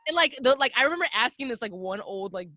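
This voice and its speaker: Bright, animated, profane young woman. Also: on the high side, quick pace, dry recording. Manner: profane, animated storyteller who acts out quoted voices. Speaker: podcast guest. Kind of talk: casual chat.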